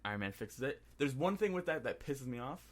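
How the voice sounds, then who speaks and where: A man co-hosting a casual movie review podcast, excitedly recapping scenes and slipping into quick impressions of the characters. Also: mid-range voice. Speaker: podcast co-host.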